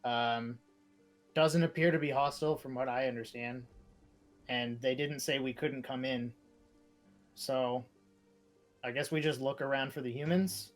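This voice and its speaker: A man playing his character in a tabletop game, speaking in a hesitant, halting way with many restarts. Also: mid-range voice, fairly even intonation, soft background music. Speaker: player.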